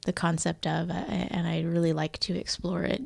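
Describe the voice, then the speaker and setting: A woman's voice: fairly low pitch, flat delivery, moderate pace, creaky, a little mellow, dry recording. A woman chatting casually about a video game, hesitant, with many fillers. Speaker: co-host. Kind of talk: casual gaming chat.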